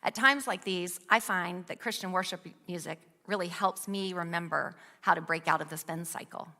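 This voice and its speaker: A woman's voice: on the low side, normal speed, sharp tone. A woman giving an earnest devotional talk at a women's ministry, asking a string of rhetorical questions and reading scripture aloud. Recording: long hall reverb.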